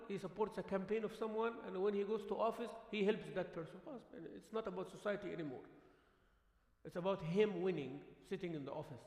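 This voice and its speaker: A high-pitched man preaches in a mosque hall, his voice ringing with long reverb. He talks in a loose, conversational way, acting out the voices of the people he talks about and slipping in Arabic words. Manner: animated, acts out quoted voices, sprinkles Arabic words. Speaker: imam. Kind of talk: conversational sermon. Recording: echoey hall livestream.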